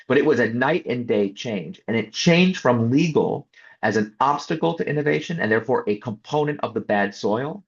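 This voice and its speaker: A man tells a story with a lot of energy, slipping into the voices of the people he quotes. His voice is husky and a little breathy. The audio is dull and lo-fi, with the top end muffled. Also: mid-range voice. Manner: lively storyteller who acts out quoted voices. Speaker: interview guest. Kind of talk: animated storytelling interview answer.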